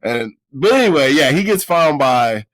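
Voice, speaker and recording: A man co-hosting a film review podcast, chatting casually in a laid-back, slangy way and acting out scenes with quick put-on voices. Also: a little high, sing-song, a bit bright, no echo. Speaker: podcast co-host.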